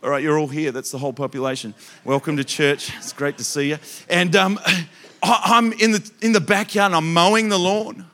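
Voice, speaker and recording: A man preaching to a church congregation, telling animated stories that he acts out with loud bursts of emphasis. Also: a little high, brisk. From Australia. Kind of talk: storytelling sermon.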